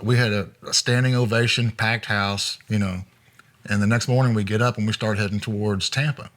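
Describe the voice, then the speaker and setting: A man, a former road manager, telling road anecdotes in a relaxed interview with frequent chuckles. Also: lowish voice, fairly quick. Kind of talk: storytelling interview.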